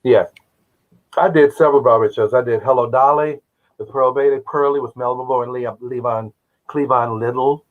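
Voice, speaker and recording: A man in his seventies from Oklahoma, a guest who tells animated stories and acts out the voices of people he quotes. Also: mid-range voice, normal speed. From Oklahoma, United States. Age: 70s. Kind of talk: casual interview storytelling. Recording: dull lo-fi audio.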